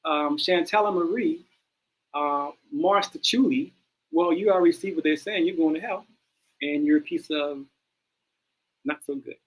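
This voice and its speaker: Man, slightly high voice, livestream host, animated, repeats phrases while reading aloud. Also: normal speed, long pauses, rough recording.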